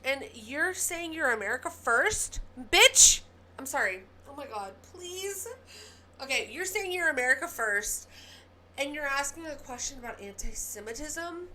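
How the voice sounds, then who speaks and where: Southern woman news host, heated ranty delivery, pitched a bit high, soft hiss behind. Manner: heated ranting with quick apologies. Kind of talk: casual news commentary.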